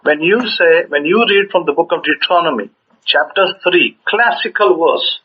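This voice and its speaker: Brief: male scripture teacher, slightly high husky voice, chatty, dull lo-fi sound. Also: normal speed. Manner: conversational, repeats words, chuckles while explaining. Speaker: religious teacher. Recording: dull lo-fi recording.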